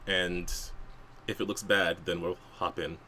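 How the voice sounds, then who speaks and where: A man playing a tabletop game, casual and energetic, slipping into in-character banter. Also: low-pitched, a little slow, slight background noise. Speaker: player.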